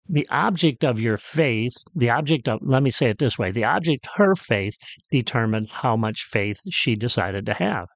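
A man's voice: mid-range voice, gravelly, no echo. A man who is a pastor, preaching a radio sermon in a storytelling way that builds to emphatic peaks.

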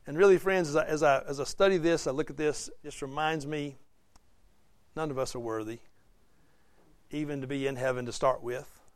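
A man leads a Bible study in a chatty, questioning way, acting out the lines he reads. His voice sits a little high and sounds dry and close, with no room around it. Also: normal speed, pauses often, no echo. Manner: conversational, asks the class questions, acts out quotes. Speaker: Bible teacher. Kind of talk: interactive Bible study teaching.

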